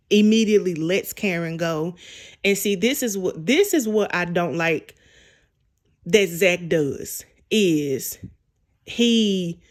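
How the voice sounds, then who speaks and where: A young adult woman giving a casual recap of a TV episode, retelling scenes and acting out the characters' lines. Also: fairly low pitch. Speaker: TV show reviewer.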